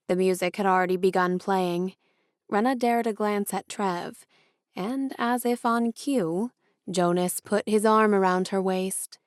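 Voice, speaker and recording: A woman narrating an audiobook in a measured storytelling style. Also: mid-range voice, no room sound, studio quality.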